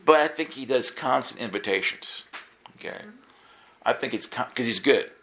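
A man's voice: normal speed, slight background noise. A man preaching in a casual storytelling way, acting out the dialogue with sudden jumps in his voice. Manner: animated storytelling, acts out dialogue with jumps in pitch. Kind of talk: storytelling sermon.

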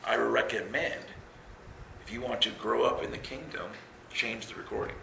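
Gravelly, bright-voiced male preacher. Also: medium pitch, steady tone, moderate pace. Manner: storytelling, conversational, self-mocking humor. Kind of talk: sermon. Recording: roomy echo with faint noise.

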